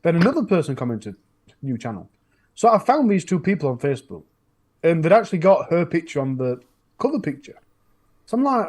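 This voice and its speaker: Rambling northern English man, higher voice. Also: big pitch swings, brisk, pauses often, darkish tone. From northern England. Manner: rambling storytelling with frequent restarts. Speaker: true crime YouTuber, podcast regular. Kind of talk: casual podcast chat.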